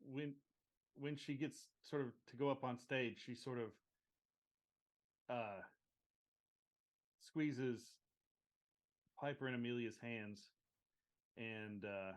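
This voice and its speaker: Slow, halting man narrating his character. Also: mid-range voice. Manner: slow, halting, with many fillers. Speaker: player.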